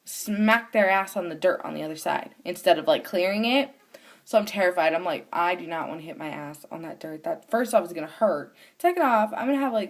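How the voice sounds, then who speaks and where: A woman of young to middle age tells a story straight to the camera in a casual vlog. She is animated, acting out the voices of the people in her story with loose, everyday swearing. Her voice sits at an ordinary middle pitch for a woman. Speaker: vlogger.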